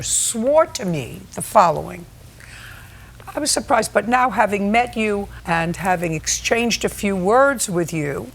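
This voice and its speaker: A woman in her seventies presiding as a television court judge, questioning bluntly with a sarcastic, scolding edge. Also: mid-range voice. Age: 70s. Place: TV courtroom set.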